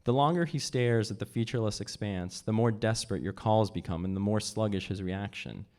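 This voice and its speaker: Guy reading from his book at a live event, lowish voice, measured, jumps up for the dialogue. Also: darkish tone. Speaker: author reading his novel. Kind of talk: literary reading aloud.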